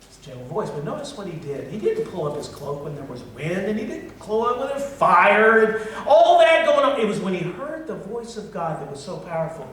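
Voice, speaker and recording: Middle-aged male pastor, high-pitched and blunt, recorded far off in an echoey church hall. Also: sing-song, fairly quick, a little hiss or hum. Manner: blunt, swings from loud to soft. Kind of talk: sermon. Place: church sanctuary.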